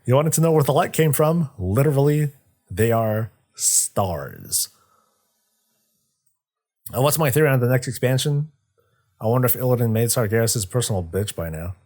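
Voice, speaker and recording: A young streamer with a medium-pitched, slightly mellow voice and lively intonation chats casually about game lore on a livestream. He rambles and swears, joking while he retells a story and acting out characters in quick asides.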